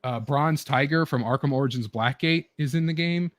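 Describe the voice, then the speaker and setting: A man's voice: on the high side, normal speed, no room sound. Rambling enthusiastic man, dry close sound. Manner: rambling, filler-heavy, eager retelling. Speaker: show host. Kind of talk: casual chat with friends.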